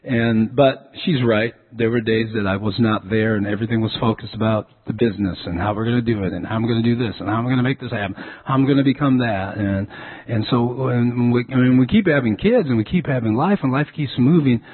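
Husky-voiced pastor preaching over a tinny line. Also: male voice, mid-range voice, a little fast. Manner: storytelling, repeats words as he restarts. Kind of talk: sermon. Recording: tinny phone-like sound.

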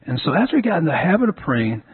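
Husky-voiced pastor preaching over a tinny line. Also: male voice, on the high side, sing-song, fast. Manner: storytelling, repeats words as he restarts. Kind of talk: sermon. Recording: tinny phone-like sound.

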